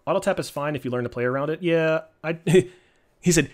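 A man casually commenting on his live-streamed card game, joking and teasing in an animated way. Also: fairly high pitch, normal speed. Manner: animated, joking, trash-talking.

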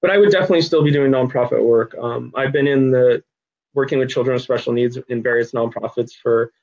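A man's voice: medium pitch, steady tone, fast, darkish tone. Earnest middle-aged man, dull lo-fi sound. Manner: earnest storyteller, frequent ums, gets choked up. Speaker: nonprofit director, guest. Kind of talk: interview conversation.

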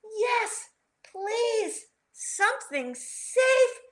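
A woman voicing a timid, fretful female wish-granter who speaks in an anxious, shaky, squeaky voice. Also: measured pace, fairly bright tone, reverberant. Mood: frightened.

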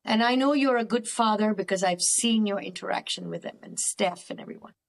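A woman's voice: medium pitch, fairly quick, gravelly. A woman therapist guest speaking earnestly and emphatically, often repeating words for stress. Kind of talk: faith-based counselling conversation.

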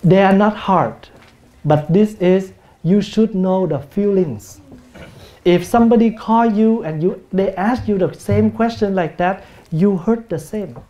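A man with a Vietnamese accent, a Buddhist monk giving a gentle, humorous dharma talk in a meditation hall. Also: high voice, a little slow, highs cut off. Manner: gentle, humorous, acts out everyday speech. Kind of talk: sermon.

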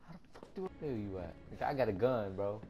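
A man's voice: on the low side, lively intonation, quick pace, warm tone, highs cut off, a little hiss or hum. A young man playing a horror video game, commenting in slang, swearing, and letting out sudden screams. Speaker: gaming streamer.

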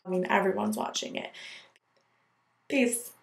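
A woman's voice: medium pitch, steady tone, a little slow, vocal fry. A young woman vlogging in a gushing, chatty way, full of "like", recorded in an echoey room. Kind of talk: casual chat to camera.

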